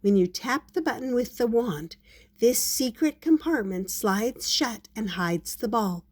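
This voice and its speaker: Kind old shopkeeper, gentle and encouraging, as a grandma puts him on. Storybook figure. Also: female voice, fairly high pitch, expressive, measured pace, voice pushed up. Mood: kindly.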